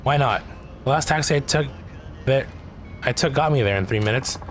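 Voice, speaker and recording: A man's voice: medium pitch, moderate pace, a little hiss or hum, natural voice. A man voicing a rude, demanding woman taxi passenger who complains and scolds in a raised, haughty voice. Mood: bossy.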